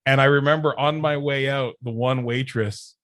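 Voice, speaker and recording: A man, a podcast guest, casually telling an anecdote, animated and often laughing as he goes. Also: mid-range voice, normal speed, no echo. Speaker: podcast guest, wrestling manager. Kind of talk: casual storytelling chat.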